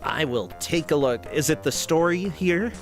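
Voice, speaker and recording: A man's voice: fairly high pitch, animated, moderate pace, over music. A man commentating a game stream in casual, self-deprecating banter. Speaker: tournament commentator.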